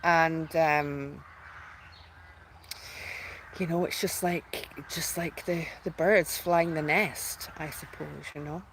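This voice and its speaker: A woman's voice: low voice, steady tone, slow pace, long pauses, fairly bright tone, slight background noise, low-quality recording. A woman hosting her own spiritual channel, talking in a heartfelt, rambling way full of restarts and fillers, close to tears at times. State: tearful at times. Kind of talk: emotional personal announcement.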